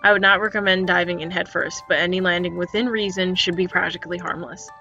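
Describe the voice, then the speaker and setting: A woman reading a calm male android. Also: on the low side. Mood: matter-of-fact. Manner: quiet, measured, matter-of-fact. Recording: dull lo-fi recording with faint music.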